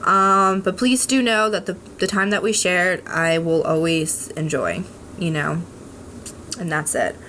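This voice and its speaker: A young adult woman vlogs at home, talking candidly to camera in a rambling way with many ums, restarts and frank swearing. Her voice is fairly low and sharp-toned, she speaks a little slowly, and there's a little hiss or hum.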